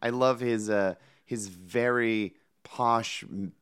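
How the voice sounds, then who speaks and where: A podcast co-host in casual movie-review chat, joking and dropping into silly quoted voices. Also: male voice, fairly low pitch, slow pace, fairly bright tone, clean tone.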